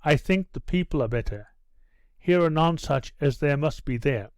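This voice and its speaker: An earnest nobleman speaking firmly and with measure, read by a man in an audiobook. The voice sits slightly high. The recording is dry and close. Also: expressive, moderate pace, darkish tone, no echo. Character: earnest nobleman, resolute and eager.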